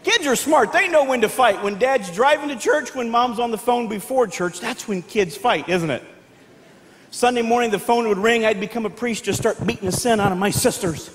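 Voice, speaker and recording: A man performing stand-up comedy on stage, telling animated stories and acting out family members in loud, barked voices. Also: very high-pitched, moderate pace. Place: large hall with live audience. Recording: echoey hall with faint background noise.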